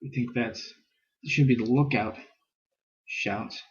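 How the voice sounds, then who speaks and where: A man's voice: mid-range voice, a little slow, slightly rough, dull audio. A man giving a casual scripture lesson, thinking aloud with fillers and reading passages aloud. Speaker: scripture teacher.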